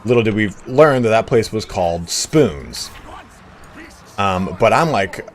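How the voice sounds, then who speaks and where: Rambling, lively male streamer. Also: on the low side, a little slow, a little hiss or hum. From United States. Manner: chatty, swears freely, slips into mock voices. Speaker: game streamer. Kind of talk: casual rambling storytelling.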